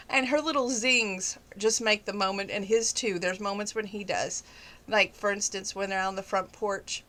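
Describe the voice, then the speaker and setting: A woman's voice: mid-range voice, fairly even intonation, normal speed, fairly bright tone. A woman vlogger talking casually to her viewers. She rambles eagerly, restarts her sentences often and keeps jumping back into the story. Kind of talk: casual chat.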